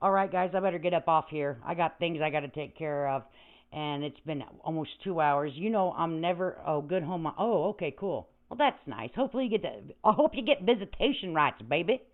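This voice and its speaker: A woman's voice: low voice, animated, a little fast. An older woman hosting a livestream, ranting in a brash, profane, rambling way, with static on the line. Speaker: livestream host. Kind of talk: casual livestream rant. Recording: tinny phone-like audio with static.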